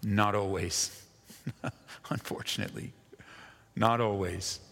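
A male pastor preaching a sermon with earnest emphasis, dropping at times to hushed, slow asides. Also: lowish voice, steady tone, creaky. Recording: long reverb of a large hall.

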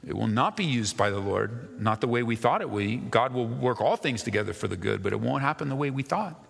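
A male pastor preaching a sermon with earnest emphasis, dropping at times to hushed, slow asides. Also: mid-range voice, animated, creaky, breathy edge. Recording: long reverb of a large hall.

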